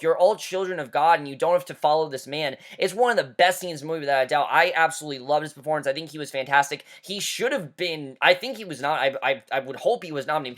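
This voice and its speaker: Fast-talking enthusiastic male movie reviewer. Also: fairly high pitch. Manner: enthusiastic, rambling with frequent "you know" and "I mean". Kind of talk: casual spoken movie review.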